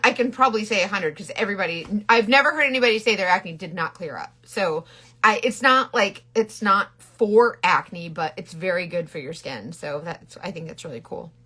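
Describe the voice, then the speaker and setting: A woman's voice: mid-range voice, sharp tone, slightly rough. A middle-aged woman chatting bubbly and rambling on a casual makeup live stream, greeting viewers by name. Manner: rambling with frequent restarts.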